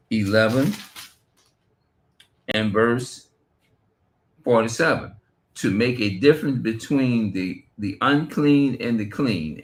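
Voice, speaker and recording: A man giving a rambling, profane religious monologue on a stream, reading scripture aloud between his remarks. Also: lowish voice. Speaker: street preacher.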